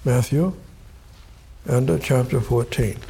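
A man's voice: mid-range voice, takes it slowly, gravelly, warm tone, husky. A man preaching a sermon from the Bible, speaking emphatically and repeating his key words.

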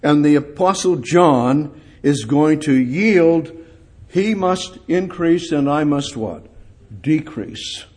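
A man's voice: a little high, animated, slow, a little mellow. A man preaching a sermon, speaking in the voices of the people in the passage and building to emphatic, rising peaks.

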